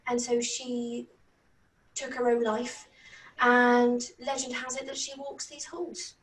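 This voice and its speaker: High-voiced British woman telling stories. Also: takes it slowly. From Britain. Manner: animated, swears, laughs often. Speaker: channel host. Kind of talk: casual storytelling. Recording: roomy, distant from mic.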